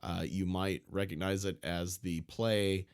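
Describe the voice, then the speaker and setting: A man's voice: sits low, little pitch movement, measured pace, clean tone. A man co-hosting a casual podcast, telling stories playfully and in detail. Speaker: podcast co-host.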